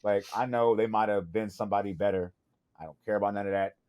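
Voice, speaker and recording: A man's voice: lowish voice, steady tone, fast talker, a little mellow. A man co-hosting a podcast, chatting casually with slang, rambling and laughing often. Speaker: podcast co-host.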